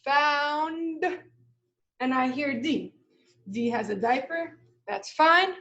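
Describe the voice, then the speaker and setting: A young woman teaching kindergartners, her voice pitched high. She talks slowly and patiently, stretching words out and spelling them letter by letter as she shows how to write a sentence. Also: fairly bright tone, highs cut off. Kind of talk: live online lesson, modeling writing.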